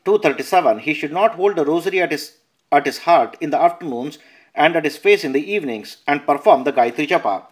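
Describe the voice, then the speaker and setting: Guy narrating scripture, kinda high voice, steady careful reading. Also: slightly rough. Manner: measured reading with verse numbers and notes, some self-corrections. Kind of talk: reading a scripture translation aloud.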